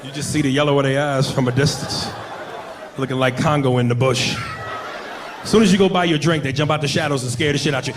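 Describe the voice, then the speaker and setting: A man doing a stand-up comedy set, brash and loud, often breaking into shouted bits on a stage mic. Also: medium pitch, fairly even intonation, fast talker. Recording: noisy live club recording.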